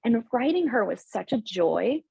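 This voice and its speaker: A woman's voice: a little high, very animated, unhurried, gravelly, a little mellow, slightly rough, no room sound, muffled recording. A woman, a horror writer appearing as a podcast guest, chatting casually and enthusiastically. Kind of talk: casual chat.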